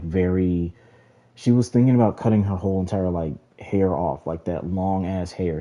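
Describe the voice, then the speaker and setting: A man's voice: deep voice, mellow, muffled recording. A young man casually commenting on a detective game, rambling with lots of filler words. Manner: rambling, heavy use of "like". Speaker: let's play gamer.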